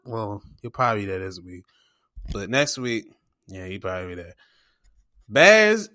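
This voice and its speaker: A man hosting a sports podcast, recapping games in a casual, excitable way, full of slang and swearing, and acting out his own reactions as he goes. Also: mid-range voice.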